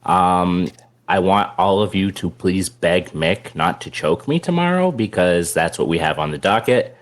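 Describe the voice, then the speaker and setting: A man with a very deep voice, joining a tabletop game as its guest. He talks in a wry, profane, joking way. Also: animated, a little slow. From Massachusetts. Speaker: guest player. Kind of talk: casual chat.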